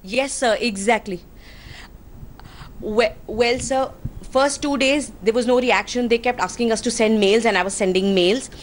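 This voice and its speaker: A woman's voice: a little high, a little slow, a little hiss or hum. A woman from India with an Indian accent, earnestly and indignantly recounting an incident as an interviewee, politely using honorifics.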